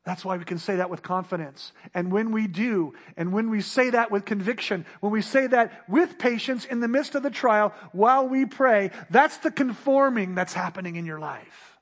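Male preacher, very high-pitched voice, emphatic sermon delivery with rhetorical questions and refrains. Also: moderate pace, hardly any pauses. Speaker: pastor.

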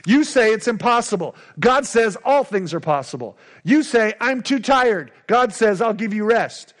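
Man, middle-aged, pastor, sermon, high-pitched, emphatic repetition. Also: lively intonation, moderate pace. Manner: emphatic, repetitive call-and-response preaching.

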